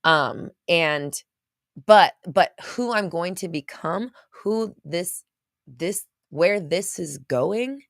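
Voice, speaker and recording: A woman's voice: lowish voice, animated, slow pace, gravelly, dry recording, clean studio sound. A woman host talking casually to a live chat, rambling with many restarts and at times getting choked up. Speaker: podcast host.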